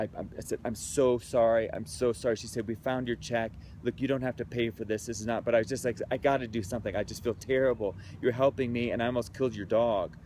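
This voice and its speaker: A man's voice: medium pitch, a little mellow, slight background noise. Earnest man telling a story outdoors. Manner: earnest, heartfelt, conversational. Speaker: creativity speaker. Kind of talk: personal storytelling talk.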